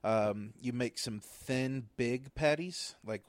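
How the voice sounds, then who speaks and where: A man's voice: medium pitch, slow pace, dry recording. A young man in casual chat, explaining step by step with many ums and restarts. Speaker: podcast co-host.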